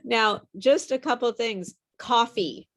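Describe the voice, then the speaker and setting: A woman's voice: mid-range voice, measured pace. Encouraging woman tutor, plain mid voice. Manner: encouraging, explains patiently with many fillers. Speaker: English pronunciation tutor. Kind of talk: online pronunciation lesson.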